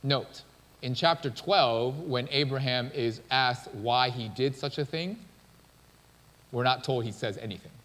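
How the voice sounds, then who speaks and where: A man's voice: mid-range voice, a little slow, fairly bright tone. A male pastor preaching a sermon in a casual, conversational storytelling manner. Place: church sanctuary. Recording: long church-hall reverb.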